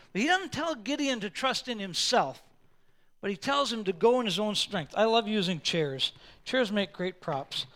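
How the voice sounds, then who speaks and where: A male pastor preaching a sermon, animated and acting out Bible scenes with props and quoted voices. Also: sits high.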